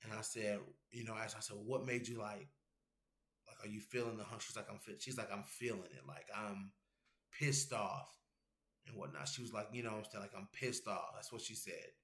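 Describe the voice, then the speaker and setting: A man's voice: fairly low pitch, fairly quick, fairly bright tone, reverberant. Casual profane man chatting with his stream. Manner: loose, rambling and profane, reads chat messages aloud. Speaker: MMA show host. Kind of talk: casual livestream chat with viewers.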